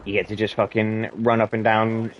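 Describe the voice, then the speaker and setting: A man's voice: lowish voice, completely flat delivery, normal speed, lo-fi sound, slight background noise. A man telling army stories in a rambling, sweary way, often chuckling. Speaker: podcast host and army veteran. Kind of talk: casual storytelling.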